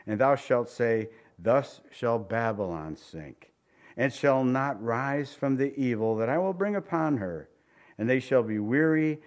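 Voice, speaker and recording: A man preaching a verse-by-verse sermon, reading scripture aloud and then commenting in a relaxed, conversational way, sometimes acting out incredulous reactions. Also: mid-range voice. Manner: animated, acts out incredulous reactions.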